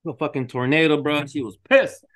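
A man telling his stories in casual podcast chat, profane and animated, acting out what others said. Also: a little high, fairly quick. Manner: profane, animated storytelling with acted-out quotes.

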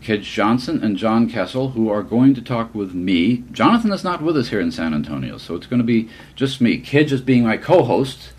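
A man hosting a podcast live at a convention, asking questions in a lively, animated way. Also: on the low side, moderate pace, hardly any pauses, husky, low-quality recording. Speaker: podcast host. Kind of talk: live panel discussion. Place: convention room.

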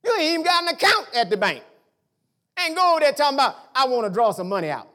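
A man preaching a sermon, speaking colloquially and emphatically to his congregation, rising loud and dropping to hushed storytelling. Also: very high voice, big pitch swings, fast.

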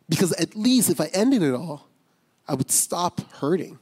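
A man's voice: fairly high pitch, big pitch swings, moderate pace, darkish tone, husky. A man preaching a personal testimony as pastor, speaking candidly and conversationally with many fillers and restarts. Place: church sanctuary. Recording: long reverb of a large hall.

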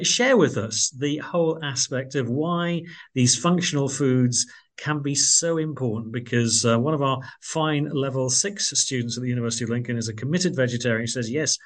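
A man's voice: mid-range voice, moderate pace, a bit bright. A man hosting a radio interview, effusive and full of fillers. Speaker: radio host.

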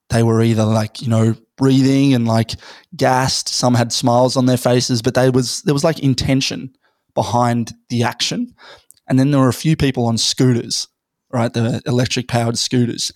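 Aussie guy going a bit hoarse, rambles with lots of ums, pretty flat voice. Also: mid-range voice, no echo, clean studio sound. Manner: rambling, thinking aloud with many fillers. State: hoarse, losing his voice. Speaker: podcast guest. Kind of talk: casual podcast conversation.

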